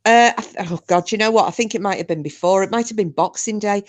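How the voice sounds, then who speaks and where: A woman's voice: medium pitch, quick pace. Woman host, friendly and rambling, in casual chat.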